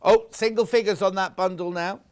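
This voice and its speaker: A man's voice: high voice, steady tone, brisk. A man presenting fabrics on a live shopping channel, chatty and gushing, stopping often to correct himself. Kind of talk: live TV sales pitch.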